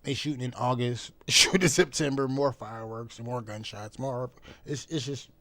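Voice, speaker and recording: A man talking bluntly and profanely in a casual vlog monologue. He repeats phrases for emphasis and swings between loud outbursts and low mutters. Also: steady tone, moderate pace. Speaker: vlogger.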